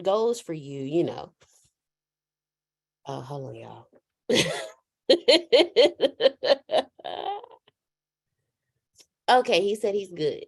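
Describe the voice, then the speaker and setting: A woman hosting a casual faith chat, animated, laughing and telling stories like a preacher. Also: mid-range voice. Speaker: host.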